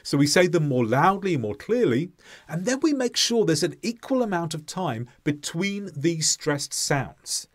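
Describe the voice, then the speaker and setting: A man teaching an English pronunciation lesson, speaking deliberately and modelling example sentences with clear stress. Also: a little high.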